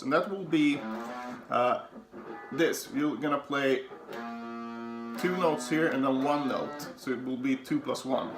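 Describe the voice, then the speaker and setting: A man teaching guitar in a casual, halting way, with many fillers and restarts, counting notes aloud as he plays. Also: medium pitch. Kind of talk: casual instructional talk. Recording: echoey room with guitar playing.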